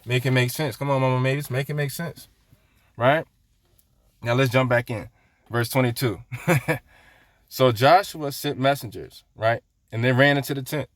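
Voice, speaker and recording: A man's voice: medium pitch, moderate pace, pauses often, no room sound, studio quality. Casual, chatty Bible-teaching man. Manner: conversational, peppers lines with "right?", laughs often; chats with viewers while reading scripture aloud.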